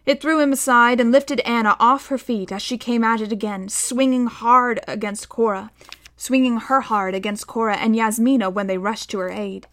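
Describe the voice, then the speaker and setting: Woman reading a novel aloud, highish voice. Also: moderate pace. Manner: steady storytelling with voiced dialogue. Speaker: narrator. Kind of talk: audiobook narration.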